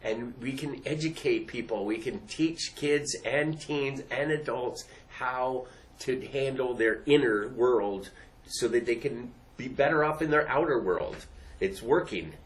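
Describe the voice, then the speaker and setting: A man's voice: medium pitch, a little slow, rough recording. A man hosting a talk on emotional skills, speaking in an earnest, repetitive way and laughing lightly between points. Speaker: host. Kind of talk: casual explanatory talk.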